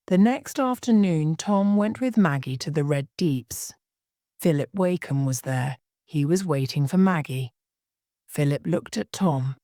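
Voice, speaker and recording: Slow, low-voiced woman reading a story. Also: dark tone, no echo, studio quality. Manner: slow, plain, careful reading. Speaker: story reader. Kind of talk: scripted narration for English learners.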